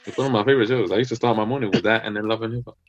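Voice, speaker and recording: A man's voice: lowish voice, steady tone, rapid-fire, dry recording. A man from New York joins a casual group chat in an easygoing, joking way. His voice comes through dull and dry, as if on a call. Faint music plays underneath.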